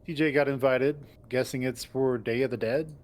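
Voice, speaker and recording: A man reading a visual novel aloud in the first person, with wry asides and a plain, mid-pitched voice. He slips between describing the scene and talking as the lead. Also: fairly even intonation, normal speed, a little mellow. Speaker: narrator and lead voice actor. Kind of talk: visual novel narration and acting.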